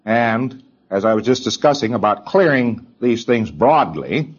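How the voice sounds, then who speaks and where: A man's voice: medium pitch, expressive, measured pace, breathy edge, lo-fi sound. A man lecturing trainees in an emphatic way, repeating his points and mimicking hesitant people as he talks.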